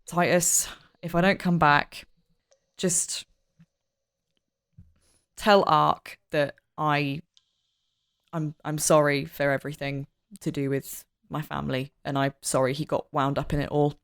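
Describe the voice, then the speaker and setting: A woman voicing a small, earnest young woman adventurer who speaks softly and hesitantly in a tabletop game. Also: low voice, level tone, measured pace, long pauses, pitched below the performer's own voice. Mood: apologetic.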